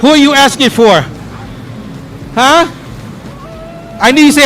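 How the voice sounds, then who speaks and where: A man's voice: very high-pitched, moderate pace, pauses often, noisy background. A man working a crowd at an outdoor race event on a handheld mic, counting down and calling for cheers. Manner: energetic, counts down and calls for cheers. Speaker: crowd hype host. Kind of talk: live event crowd work.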